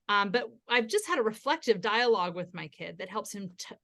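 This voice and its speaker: A woman guest on a podcast interview, explaining parenting ideas in a steady, instructive way. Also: mid-range voice, normal speed, few pauses. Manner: acts out gentle parent quotes.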